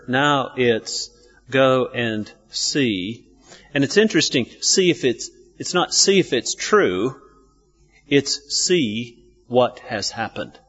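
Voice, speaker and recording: A man's voice: mid-range voice, a bit bright, breathy edge, lo-fi sound. A man preaching a sermon, asking his listeners questions and answering them himself. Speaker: pastor.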